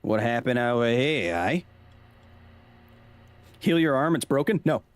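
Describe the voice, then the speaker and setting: A man's voice: mid-range voice, lively intonation, measured pace, clean tone, dry recording. A man in his thirties streaming a game to chat, joking, chuckling often and drifting into science explanations, recorded on a desk mic in a home room. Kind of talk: casual gaming commentary.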